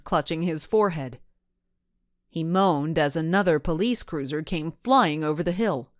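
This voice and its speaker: A woman narrating a children's mystery audiobook in an expressive storytelling manner. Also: lowish voice, dry recording, clean studio sound.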